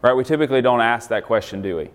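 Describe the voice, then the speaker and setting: A man's voice: mid-range voice, animated, fast, big-room sound. A man giving a casual sermon, conversational, asking the group questions and laughing often. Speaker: pastor.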